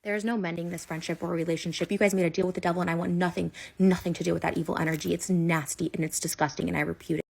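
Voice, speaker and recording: A woman's voice: fairly low pitch, level tone, creaky, darkish tone, slightly rough. A woman in her thirties, upset, venting in a personal rant full of "like" and restarts. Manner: upset, rapid and repetitive, many "like"s and restarts. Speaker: online personality. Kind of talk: emotional personal rant to camera.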